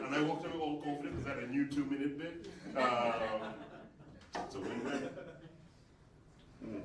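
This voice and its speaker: A man from Uganda doing a stand-up set, telling stories with acted-out voices and chatting with the audience. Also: mid-range voice. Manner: animated storytelling, acts out quoted voices, chats with audience. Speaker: stand-up comedian. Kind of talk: stand-up comedy set with crowd work. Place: comedy club stage with a live audience. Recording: roomy, distant club recording with audience noise.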